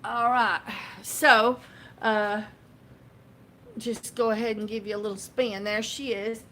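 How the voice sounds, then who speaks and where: Woman, somewhat high voice, rambling casual vlog chat, lots of fillers, camera on tripod. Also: flat delivery, slow, pushed and bright, slight background noise. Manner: rambling, many fillers and restarts. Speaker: soap-making vlogger.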